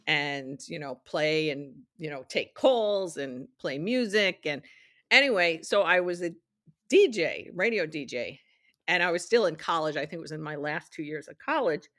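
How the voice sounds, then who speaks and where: A middle-aged woman recounts her early career in a relaxed, chatty way, playing out the conversations she remembers. Her voice sits on the low side, and the recording is dry with no room sound. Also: no room sound. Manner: chatty, acts out quoted dialogue in her anecdotes. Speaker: interview guest, studio executive. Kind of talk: casual storytelling interview.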